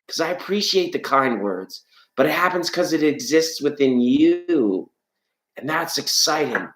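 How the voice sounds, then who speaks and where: Playful man in an echoey room. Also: mid-range voice. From Canada. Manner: playful, chatty, breaks into sung scales. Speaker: live-stream tarot host. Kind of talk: casual live-stream chat reading viewer comments.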